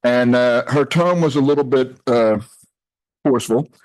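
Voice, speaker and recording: In a retreat house hall, an older man talks loosely and chattily, joking, rambling, cutting himself off and drifting from his point. His mid-range voice is clean, a bit mellow and a little slow.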